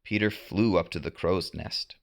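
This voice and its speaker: A man narrating a storybook adventure in an expressive read-aloud manner. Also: low voice, creaky. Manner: expressive, unhurried.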